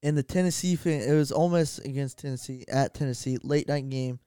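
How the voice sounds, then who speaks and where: A young man co-hosting a podcast, chatting about sports in a rambling, excitable way and correcting himself as he goes. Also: medium pitch, a little fast, clear, resonant tone, dry recording. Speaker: podcast co-host. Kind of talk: casual sports chat. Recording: dry.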